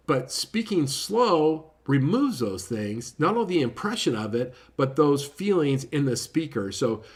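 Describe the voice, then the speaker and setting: A man giving a casual spoken book review, informal and self-correcting, often tagging his points with "right?" and tending to talk quietly and quickly. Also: a little high. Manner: says he often speaks too quietly and too fast.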